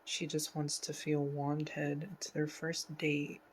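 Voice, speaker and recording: A woman hosting a casual reaction video, talking through an episode with many fillers and slipping into a soft whisper at sad parts. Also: sits low, monotone, takes it slowly, a little hiss or hum, poor audio. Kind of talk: casual pause-and-talk commentary.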